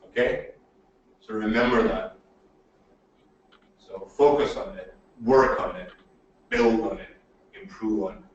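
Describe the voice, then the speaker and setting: A man teaching presentation skills in a webinar, animated and emphatic, checking in with "okay?" often. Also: lowish voice, slow pace, long pauses, lo-fi sound. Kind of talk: webinar lecture. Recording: very echoey room audio from a distance, faint noise.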